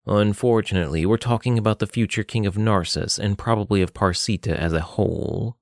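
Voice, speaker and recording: A man voicing a composed older brother who delivers grave news in a slow drawl. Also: fairly low pitch, gravelly, no echo, clean studio sound.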